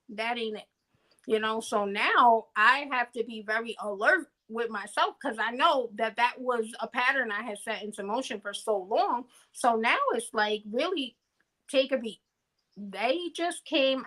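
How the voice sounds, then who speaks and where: A woman's voice: fairly high pitch, bright, forceful tone, low-quality recording. A woman co-hosting a podcast in casual reflective chat, earnest and musing, often asking "you know what I mean?" and laughing easily between points. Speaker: podcast co-host.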